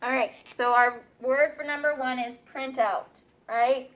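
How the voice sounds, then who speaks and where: Woman teacher, high and bright, patient classroom instruction with frequent check-ins. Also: steady tone, unhurried. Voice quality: clear, patient, questioning students often.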